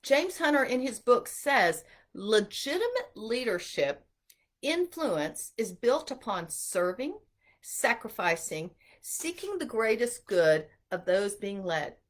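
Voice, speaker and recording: A middle-aged woman giving an earnest, animated inspirational talk to mothers about homeschooling. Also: on the high side, slow pace. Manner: animated, earnest, acts out quotes. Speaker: homeschool speaker.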